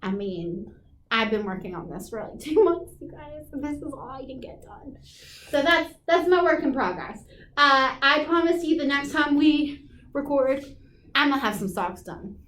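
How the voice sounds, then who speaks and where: Chatty high-voiced woman. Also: animated, moderate pace, fairly bright tone, slight background noise. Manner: chatty, self-deprecating, lots of fillers. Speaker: podcast co-host. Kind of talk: casual chat.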